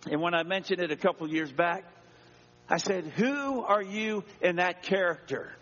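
A man's voice: high voice, animated, moderate pace, fairly bright tone. A man preaching a sermon as pastor, reading scripture aloud and dramatically acting out the voices in it. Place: church. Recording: dull echoey church sound.

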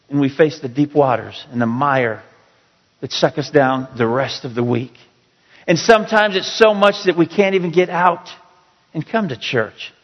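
Guy preaching in church, kinda high voice, slow scripture reading then pleading, big echoey hall. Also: highs cut off. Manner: reads scripture slowly, rising to pleading emphasis. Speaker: pastor. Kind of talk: sermon. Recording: long reverb of a large hall.

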